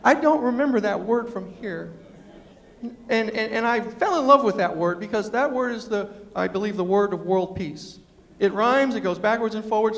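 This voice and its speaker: A high-voiced male storyteller and humorist from New York City speaks at a moderate pace in a university lecture hall, where long reverb follows his words. Animated, he gives a comic talk to a live audience, quoting people in acted voices and asking them questions.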